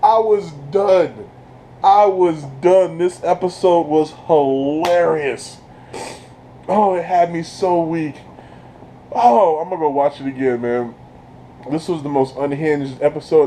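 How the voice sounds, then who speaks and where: A man giving an excited, casual recap as a video reviewer, breaking into laughter and breathless from it. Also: a little high, measured pace, slight background noise, rough recording. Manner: keeps breaking into laughter while retelling.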